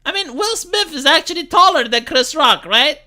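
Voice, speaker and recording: A woman streamer talks in a bright, sharp voice whose pitch swings widely from high to low. She is sarcastic and swears freely, doubling up words as she hurries through her reaction commentary. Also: lively intonation, normal speed. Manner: profane, sarcastic, stammers with repeated words. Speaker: live streamer.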